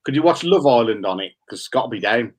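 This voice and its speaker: Middle-aged bloke hosting, teasing and joking, average pitch. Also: male voice, expressive, fast. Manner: teasing, jokey. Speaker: host. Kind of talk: casual chat.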